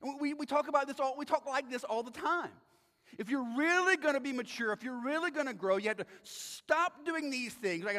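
A man's voice: very high-pitched, lively intonation, a little fast, bright, forceful tone. Male pastor, emphatic and conversational, preaching in an echoing church with long reverb. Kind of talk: sermon. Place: church sanctuary.

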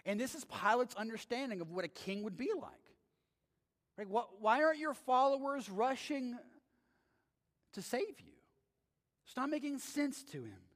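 A man's voice: extremely high pitch, animated, moderate pace, pauses often. A male pastor preaching a sermon in a conversational way, often checking in with the audience with "right?", in a church sanctuary with long reverb.

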